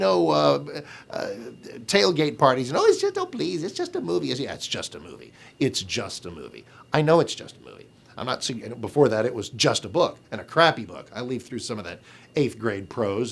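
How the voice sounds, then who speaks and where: A man, a radio talk show host, giving an opinion video blog monologue in a sarcastic, mocking way, swinging between loud scorn and low asides.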